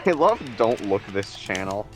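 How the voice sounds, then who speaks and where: A man co-hosting a charity game stream, cracking deadpan jokes over a voice call and giggling at them. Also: lowish voice, moderate pace, music in the background. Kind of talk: casual group chat over a voice call.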